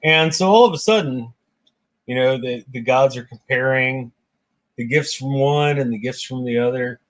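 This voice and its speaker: A man's voice: medium pitch, moderate pace. A man hosting a casual book discussion, retelling myths in his own words. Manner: animated retelling, voicing characters briefly.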